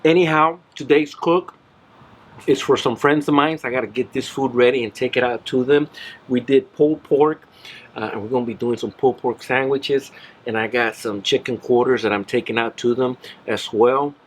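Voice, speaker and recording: A man's voice: mid-range voice, normal speed. Easygoing man hosting a barbecue vlog. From Central Florida. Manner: easygoing, enthusiastic, exclaims often. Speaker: barbecue channel host. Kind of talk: casual cooking vlog.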